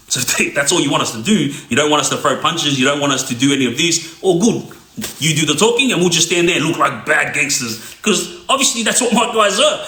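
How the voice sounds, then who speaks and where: A man's voice: fairly high pitch, bright, forceful tone, reverberant. A man telling a crime story casually, streetwise, often checking in with "yeah?". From Australia. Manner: streetwise, repeats "yeah?" to listener.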